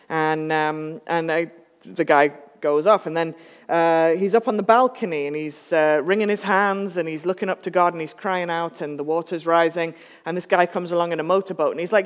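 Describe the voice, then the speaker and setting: A pastor preaches in an easy, conversational way, slipping in wry jokes as the sermon goes. The voice sits at a middling pitch and rings out with the long reverb of a church sanctuary. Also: normal speed, clean tone. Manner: relaxed, chatty, joking asides.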